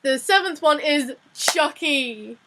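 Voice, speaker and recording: A woman's voice: high voice, animated, slow pace, pushed and bright. A young Australian woman with an Australian accent, chatting and giggling through a casual vlog lesson with frequent restarts. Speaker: vlogger teaching slang.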